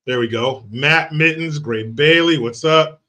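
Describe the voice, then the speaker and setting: A man's voice: on the high side, a little slow, bright, forceful tone. Brash, sarcastic man hosting commentary. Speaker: political commentary host. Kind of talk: casual livestream commentary.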